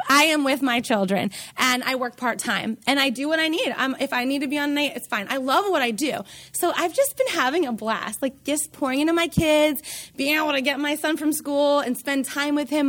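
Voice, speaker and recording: Woman in her 30s, high voice, candid and emotional, telling her story openly. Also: brisk, fairly bright tone. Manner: open, emotional, candid, laughs easily. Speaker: guest, founder and CEO. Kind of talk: personal storytelling in an interview.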